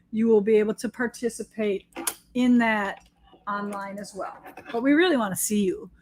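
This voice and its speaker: A woman's voice: on the high side, a little hiss or hum. A woman quilting teacher talking casually and enthusiastically while she demonstrates her sewing, joking about herself. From United States. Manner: chatty, enthusiastic, self-deprecating. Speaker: quilting teacher and shop owner.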